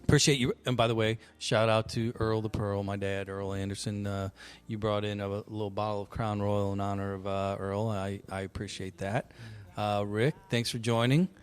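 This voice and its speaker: A man hosting a podcast, chatting casually and telling lively stories with frequent laughs. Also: fairly low pitch, moderate pace, clear, resonant tone. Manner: animated storyteller, laughs often. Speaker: podcast host. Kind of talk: casual chat.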